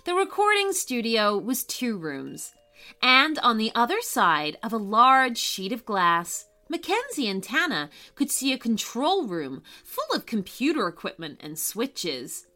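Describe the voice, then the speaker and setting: A woman reading a children's story aloud as narrator, telling it with lively expression. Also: on the high side, unhurried.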